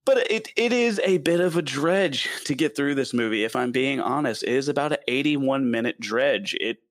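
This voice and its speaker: A man with a Southern US accent talking through a film in a casual review chat, lively and quick to laugh. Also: mid-range voice, dry recording. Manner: animated, laughs often, stumbles over names.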